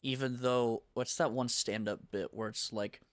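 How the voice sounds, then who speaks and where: A young American man talks off the cuff while he streams his game development work. He rambles in a relaxed, slangy way at a middle pitch. His voice sounds dry and close to a desk mic. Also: moderate pace, no room sound. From United States. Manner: rambling, laid-back, slangy. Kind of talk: casual livestream chat.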